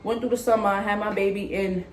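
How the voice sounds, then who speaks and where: A woman's voice: medium pitch, fairly even intonation, fast, slight background noise. A young woman telling a personal story in a candid, chatty way, acting out what others said. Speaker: vlogger. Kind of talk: casual storytime. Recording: echoey room with faint ambience.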